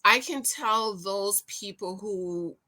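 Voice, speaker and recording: A middle-aged woman chatting casually to her viewers while recapping a TV show, animated and laughing often. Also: medium pitch, takes it slowly. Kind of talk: casual reaction commentary.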